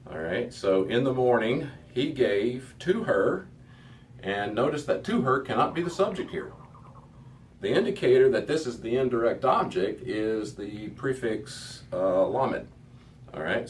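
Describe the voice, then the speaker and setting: Slow, methodical man teaching a class. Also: medium pitch. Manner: slow, methodical, repeats words. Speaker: Hebrew teacher. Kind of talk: classroom lesson. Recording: distant mic with faint background noise.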